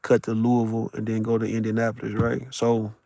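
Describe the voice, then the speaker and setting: A man's voice: fairly low pitch, monotone, fairly quick, vocal fry, dark tone, dry recording, studio quality. A man live-streaming from his vehicle while driving for work, chatting loosely with viewers in a boisterous, profane way and laughing often. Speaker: live streamer talking to chat. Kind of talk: casual live-stream chat.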